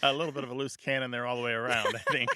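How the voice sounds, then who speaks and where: A man's voice: mid-range voice, pushed and bright, dry recording, clean studio sound. A man co-hosting a radio talk show, laughing easily and explaining where words come from.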